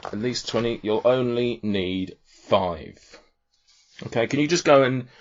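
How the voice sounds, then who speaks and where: A man's voice: mid-range voice, a little slow, natural voice. A man voicing a stern, impatient female tiefling who runs an archery contest, curt and officious. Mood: brisk. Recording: dull lo-fi audio.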